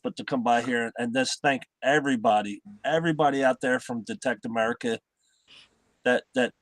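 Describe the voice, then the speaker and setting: Middle-aged guy, halting storyteller, mid-pitched voice, dry sound. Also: no echo. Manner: halting, repeats words. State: recovering from heart surgery. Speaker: guest. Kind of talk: casual chat.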